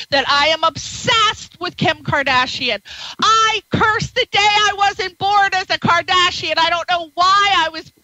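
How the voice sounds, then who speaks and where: Chatty middle-aged lady radio host, high bright voice, dry close sound, flirty and bouncy. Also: dry recording, rough recording. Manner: bubbly, flirtatious, jumps between topics. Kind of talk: radio interview, chatty and playful.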